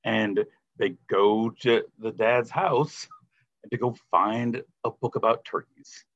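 A man's voice: on the low side, fairly even intonation, slow pace, vocal fry, a bit bright, dull audio. A man co-hosting a casual movie review podcast, sarcastic and prone to acting out quotes. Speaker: podcast co-host.

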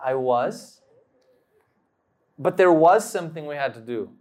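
Slow, dramatic male preacher. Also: fairly high pitch, lively intonation. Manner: slow, dramatic storytelling with acted quotes and sudden loud bursts. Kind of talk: sermon with personal story.

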